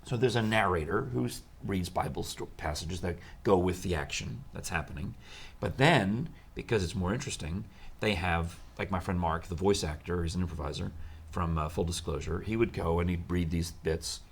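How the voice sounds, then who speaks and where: A man's voice: low voice, moderate pace, creaky, slightly rough. A man hosting a live chat show, telling stories in a chatty way and laughing often. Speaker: show host.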